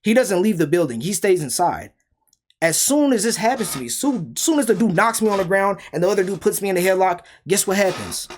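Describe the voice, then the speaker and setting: A young man with a high-pitched voice, speaking, rants through a storytime in a casual way. He is heated and emphatic and keeps firing off rhetorical questions. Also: lively intonation, fairly quick. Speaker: storyteller vlogger.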